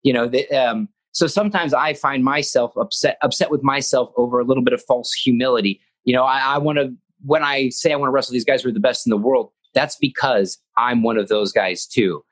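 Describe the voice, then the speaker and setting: A man's voice: mid-range voice, a little fast, hardly any pauses, fairly bright tone. A young man, a professional wrestler, talking earnestly in an interview, rambling with restarts and acting out what he said. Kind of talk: casual interview talk.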